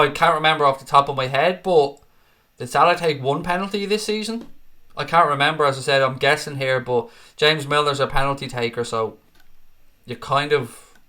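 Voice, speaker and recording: A man's voice: mid-range voice, sharp tone. A tired man hosting a football fan live stream, chatting casually and answering viewer comments by name, calling them mate.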